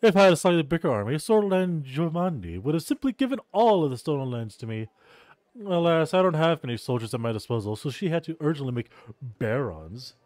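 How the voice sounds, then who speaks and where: A man's voice: fairly high pitch, sing-song, fairly quick, a little mellow, no room sound. A man voicing a bored, arrogant male baron who talks in an offhand, sneering way, reading game dialogue aloud. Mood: condescending.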